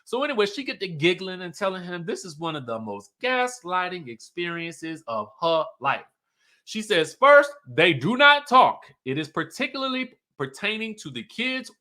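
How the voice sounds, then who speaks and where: Man, high voice, casual gossipy recap, playful. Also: bright, forceful tone. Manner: sassy, playful, laughs often, quotes cast members. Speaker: show recap commentator.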